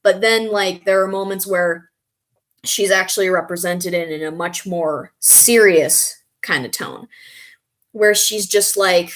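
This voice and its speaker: Excitable chatty woman streamer. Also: on the low side, measured pace. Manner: excitable, chatty, laughs often. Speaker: streamer reading viewer chat. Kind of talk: casual live-stream chat.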